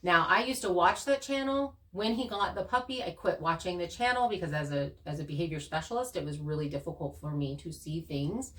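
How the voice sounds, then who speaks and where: A woman co-hosting a channel, casually talking through her experiences in an earnest, animated way. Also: on the low side, fairly quick, hardly any pauses, recorded from a distance. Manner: earnest, animated storytelling with laughs. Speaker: channel co-host. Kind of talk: casual conversation.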